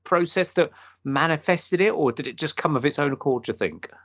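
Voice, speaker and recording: A man hosting a casual talk show over a video call, rambling with many pauses and fillers. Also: a little high, expressive, fairly bright tone. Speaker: podcast host. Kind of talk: casual chat.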